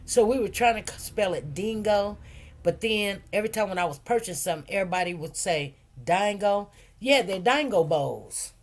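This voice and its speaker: A woman hosting a casual livestream, chatty and rambling, repeating phrases and talking in relaxed informal grammar. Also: medium pitch, a little fast, slight background noise. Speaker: livestream host and food truck owner.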